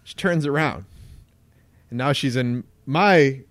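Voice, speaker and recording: Animated man telling a story, dry sound. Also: medium pitch, slow pace, no room sound. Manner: animated storyteller acting out quoted voices. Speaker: podcast co-host. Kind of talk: casual storytelling chat.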